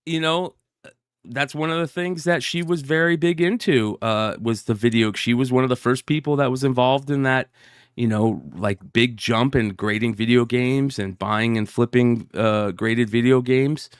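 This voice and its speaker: A man co-hosting a casual podcast, talking slowly with many fillers and restarts. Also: medium pitch, fairly even intonation, clear, resonant tone, no room sound, studio quality. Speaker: podcast co-host. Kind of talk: casual chat.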